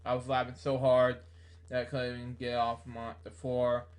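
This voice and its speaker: A man reading a memoir aloud in a halting way, with many fillers and self-corrections. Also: mid-range voice, completely flat delivery. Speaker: book reader.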